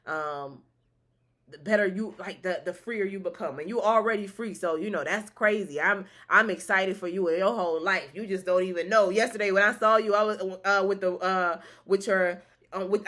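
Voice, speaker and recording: Bright-voiced woman chatting casually. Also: medium pitch, normal speed. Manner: chatty, slangy, many fillers and restarts; laughing, excitable asides. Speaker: spiritual vlog host. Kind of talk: casual chat to viewers.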